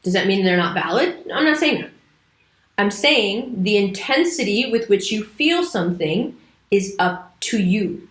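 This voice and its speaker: A woman's voice: mid-range voice, lively intonation, a little slow. A woman giving a casual, emphatic astrology talk to camera, sometimes putting on playful little voices. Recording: echoey room.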